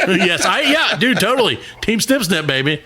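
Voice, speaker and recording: A man's voice: high voice, bright, forceful tone, a little hiss or hum. A man in his thirties co-hosting a casual comedy podcast, telling stories with quoted voices and frequent laughter. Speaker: podcast co-host.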